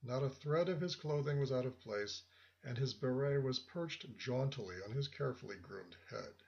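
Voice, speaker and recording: A man's voice: medium pitch, gravelly, darkish tone. Man narrating a story, lo-fi audio. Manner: measured, reflective storytelling. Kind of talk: scripted first-person story narration. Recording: dull lo-fi audio.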